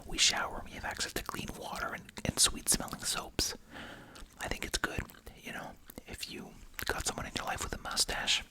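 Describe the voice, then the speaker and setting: An ASMR host whispering a chatty, wry commentary while chewing gum, full of asides and rhetorical questions. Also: normal speed.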